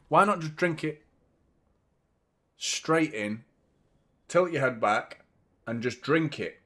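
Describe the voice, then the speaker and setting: A young man, giving a live watchalong commentary on a football match, chatty and swearing, shouting in outrage at fouls. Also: on the high side, expressive, slow pace, long pauses.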